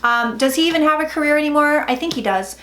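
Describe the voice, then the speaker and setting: A chatty, blunt woman in her forties gives a casual tarot reading, her voice sitting a little high. She swears freely as she talks. The room is echoey, with a faint hiss behind her. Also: fast talker, bright, forceful tone. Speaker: psychic tarot reader.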